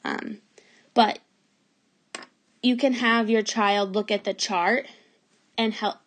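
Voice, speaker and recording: Slow, patient woman teacher sounding out letters. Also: mid-range voice, steady tone. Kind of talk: remote phonics lesson for young children.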